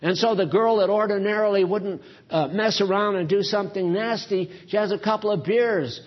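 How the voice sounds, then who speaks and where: Male preacher, husky, raised voice, earnest sermon delivery, dull recording. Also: high-pitched, normal speed. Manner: earnest, emphatic, swings loud and soft.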